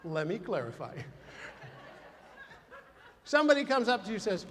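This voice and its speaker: Animated high-voiced male keynote speaker. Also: normal speed, pauses often, big-room sound, a little hiss or hum. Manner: animated storytelling with acted-out dialogue. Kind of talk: humorous motivational keynote. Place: large conference hall before a big audience.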